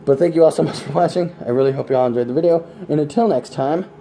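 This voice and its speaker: A man's voice: a little high, quick pace, gravelly, mellow, slight background noise. A young man telling a crude, rambling story to camera in a casual vlog. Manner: rambling, crude jokes, laughs at his own stories. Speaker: vlogger.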